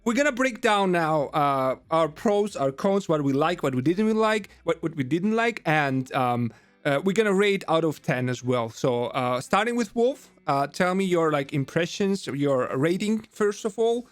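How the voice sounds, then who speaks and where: A man hosting a casual film review chat, eager and excitable. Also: on the high side, measured pace, no room sound, soft background music. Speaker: channel host.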